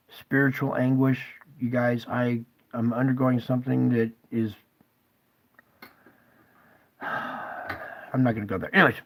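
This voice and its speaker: A man talks straight to his viewers in an urgent, emotional monologue. He sounds tearful at times, and his voice sits at an ordinary middle pitch for a man. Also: poor audio. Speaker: channel host.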